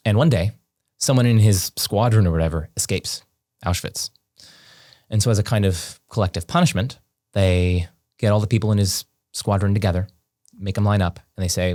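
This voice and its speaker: A man guest on a podcast, telling a story in casual conversation, animated and full of "like" and "um". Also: low voice, brisk, no room sound, clean studio sound. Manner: animated, heavy on fillers like "like" and "um".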